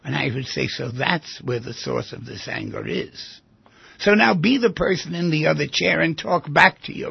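A gravelly, husky older man talks on a radio show, his pitch sitting a little high and rising and falling a lot as he acts out little scenes. The sound is dry and dull, like an old lo-fi broadcast. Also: no room sound. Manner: reflective, acts out patient dialogues. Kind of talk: talk radio monologue.

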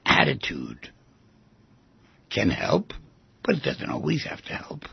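A man's voice: fairly low pitch, wildly swooping pitch, takes it slowly, creaky, husky, no room sound. An older man hosting a reflective talk radio monologue, acting out dialogues with patients. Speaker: radio show host. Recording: dull lo-fi broadcast recording.

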